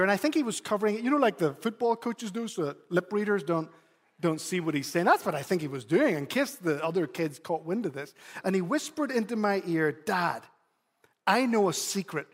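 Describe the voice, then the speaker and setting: A man preaching a sermon as pastor, telling a story in an animated way and sometimes repeating words for emphasis. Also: sits high, long reverb tail.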